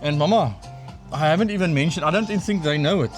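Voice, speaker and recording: A man's voice: a little high, fast, over music. A South African man, chatting casually on his vlog, enthusiastic and stumbling over repeated words. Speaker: vlogger. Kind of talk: casual chat. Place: outdoors at a mountain cabin.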